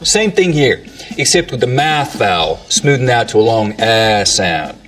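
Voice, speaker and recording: A man presenting an educational tour of accents in scripted narration, pausing to demonstrate pronunciations. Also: medium pitch, sing-song, fairly bright tone, far from the mic, faint music behind. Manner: explanatory, demonstrates accent features.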